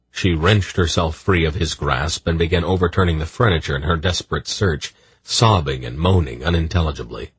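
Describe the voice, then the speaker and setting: A man narrating an audiobook in a measured storytelling manner. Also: deep voice, breathy edge, dry recording. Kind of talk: scripted narration.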